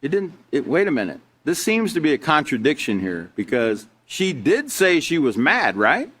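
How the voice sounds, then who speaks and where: A man's voice: fairly high pitch, big pitch swings, moderate pace, a bit bright, breathy edge. A middle-aged man teaching a live online character education class, reading from slides and asking rhetorical questions. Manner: conversational, asks rhetorical questions, reads from slides.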